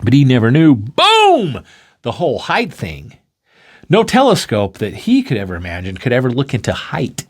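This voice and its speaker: A man hosts a talk and explains an idea through an animated story. His voice sits at a middle pitch but swings widely, leaping high when he gets excited. He acts out the characters in quick bursts. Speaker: podcast host.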